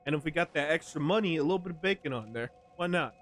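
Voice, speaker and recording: A man's voice: on the high side, expressive, fast talker, a bit bright, soft background music. A man in his twenties chatting casually with viewers while playing a game, slangy and rambling, laughing often. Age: 20s. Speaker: streamer. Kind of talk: casual gameplay commentary to chat.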